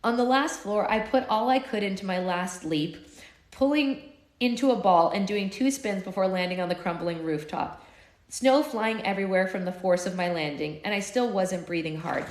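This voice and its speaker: A woman reads a novel aloud live for her book club, then drifts into animated, giggly asides. Her voice sits in a middle range. The room adds a clear echo. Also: medium pitch, moderate pace. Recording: echoey room.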